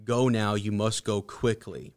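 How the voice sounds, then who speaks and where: A man reading aloud as a mysterious male oracle who speaks hurried, solemn warnings. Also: fairly low pitch, fairly even intonation, clean tone, close to an everyday voice. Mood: urgent.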